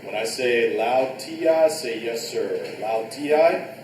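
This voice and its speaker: A man teaching a live karate class, barking short commands and shouting counts, recorded in a restaurant event space from a distance. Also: mid-range voice, animated, slow pace, slight background noise. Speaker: martial arts instructor. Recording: echoey room, picked up from far off.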